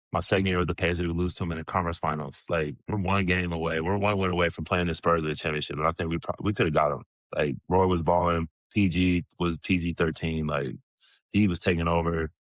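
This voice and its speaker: Brief: low-pitched man in his 30s, loose swearing storyteller, dry close sound. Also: no room sound. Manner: profane, animated storyteller, many "bro" and "like" fillers. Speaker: podcast guest, former pro basketball player. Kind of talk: casual storytelling.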